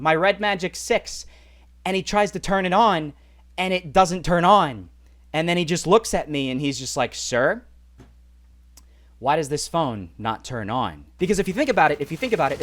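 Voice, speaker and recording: Animated man telling a vlog story. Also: on the high side, a little hiss or hum. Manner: animated, lots of fillers like "like" and "right?". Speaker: mobile gaming YouTuber.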